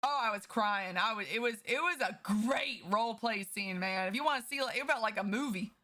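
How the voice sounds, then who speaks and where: A woman's voice: on the high side, sharp tone. A woman streaming a game, chatting casually and upbeat with her viewers at a desk mic. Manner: chatty and upbeat, quick bursts with laughs.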